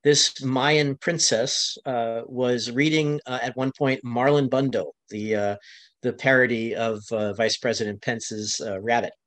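An American man on a webinar panel, retelling events conversationally, his voice climbing high when he quotes others, with frequent restarts. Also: fairly even intonation, unhurried, a bit bright. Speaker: panel guest, county LGBTQ commissioner.

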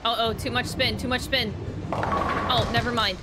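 A woman streaming a video game, chatting casually and excitably with her viewers and reacting out loud to the game. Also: a little high, over loud music. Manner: excitable, talks fast to her chat, frequent exclamations. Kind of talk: casual gameplay commentary.

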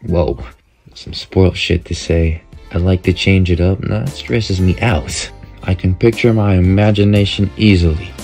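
Young male creator, lowish warm voice, crude off-the-cuff quiz commentary with faint music behind. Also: moderate pace, creaky. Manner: crude, joking, reacts loudly and swears often. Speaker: content creator. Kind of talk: casual commentary while taking an online quiz.

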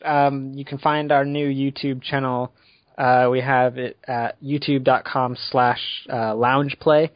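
A man's voice: medium pitch, a little slow, no room sound. A man hosts a casual podcast, loose and rambling, with fillers between his thoughts. His voice is recorded dry and close. The sound is dull and lo-fi. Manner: relaxed, rambling with fillers and laughs. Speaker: podcast host. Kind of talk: casual chat.

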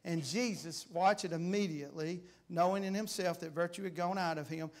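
A man preaching a sermon in a church with a high-pitched voice. He reads scripture in old-fashioned wording and builds fervently as he pleads. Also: fairly quick. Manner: fervent, rising to shouts when pleading; reads scripture aloud in King James wording. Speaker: guest preacher. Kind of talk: revival preaching. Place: church sanctuary.

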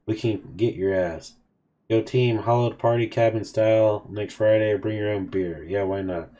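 A man's voice: on the low side, steady tone, moderate pace, warm tone. A man hosting a game video, casually reading out a chat of text messages between characters. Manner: casual, offhand reading of both sides of a chat. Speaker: gaming video host.

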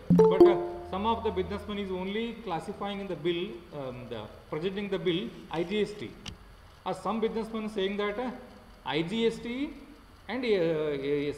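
A man with an Indian English accent teaches an online class. He talks haltingly, fills pauses with many fillers and repeats his points. His fairly high voice rings in an echoey room with a long tail. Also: darkish tone, a little hiss or hum. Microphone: computer mic without headphone.

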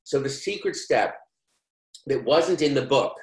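A man's voice: medium pitch, lively intonation, a little slow. Candid man telling his story, roomy echo. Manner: conversational, candid, frequent fillers. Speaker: course speaker. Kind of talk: personal storytelling talk.

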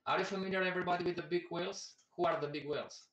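A man's voice: sits high, steady tone, rapid-fire, a bit bright, echoey room, far from the mic, rough recording. A man hosting a casual live stream about investing, chatty and repetitive, who keeps calling out to everybody watching.

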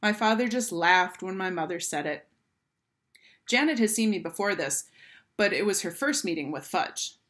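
A woman teacher reads a children's book aloud, using a clear, expressive storytelling voice. Her pitch is medium and her pace moderate.

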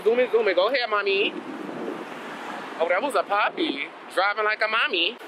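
A man vlogging while on the move, exclaiming and ranting in sassy slang into a handheld camera. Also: high-pitched. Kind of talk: casual vlog chat. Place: streets and a train around Long Island and the city. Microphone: handheld phone or camera. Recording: noisy outdoor phone recording.

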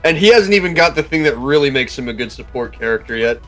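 A man's voice: medium pitch, expressive, fast talker, a bit bright. A man streaming a video game with friends, talking casually in a blunt, sweary way and explaining the game as he goes. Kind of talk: casual gaming commentary with friends. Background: game music.

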